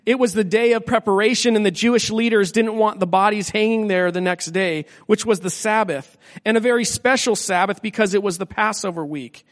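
A man on a church staff reading a scripture passage aloud with deliberate pauses. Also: high-pitched, in a large hall.

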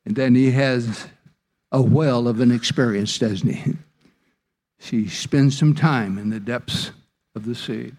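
A man preaching a sermon as pastor, slow and deliberate, lifting his voice for emphasis. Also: mid-range voice, darkish tone, breathy edge.

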